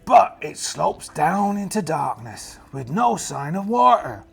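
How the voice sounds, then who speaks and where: A man rambles through a solo tabletop game in a put-on pirate accent, cracking jokes as he goes. His voice sits a little high and swings widely in pitch. It has a gravelly, husky grain. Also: big pitch swings, takes it slowly, soft background music. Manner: playful, rambling pirate talk with jokes and asides.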